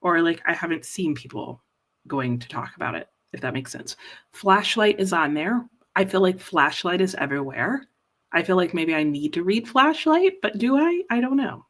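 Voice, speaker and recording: A woman's voice: lowish voice, animated, moderate pace, fairly bright tone. A woman hosting a live reading stream, chatting casually and rambling about books while teary. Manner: chatty, rambling, laughs easily. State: teary, emotional. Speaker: livestream host. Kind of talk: casual chat.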